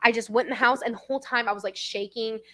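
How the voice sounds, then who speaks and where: A woman's voice: on the high side, fairly even intonation, fast, a bit bright. A young woman hosting an interview, talking in a candid, rambling way that is full of swearing and emotion. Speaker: host.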